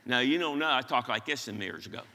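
A man from western Pennsylvania preaching and making announcements to his congregation, energetic and stumbling over repeated words as he gets excited. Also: mid-range voice, quick pace, in a large hall. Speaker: pastor. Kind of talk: sermon announcements. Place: large church auditorium.

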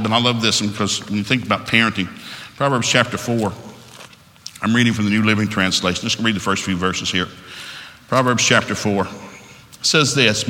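A man's voice: fairly low pitch, pushed and bright, big-room sound. A middle-aged man preaching a sermon, telling folksy family stories and acting out the dialogue. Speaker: pastor. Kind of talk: sermon with storytelling.

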